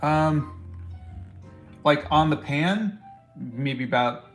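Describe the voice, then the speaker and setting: A middle-aged man, an artist answering viewer questions in a relaxed, casual livestream chat. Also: a little high, drawn-out words, faint music behind. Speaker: artist and show host.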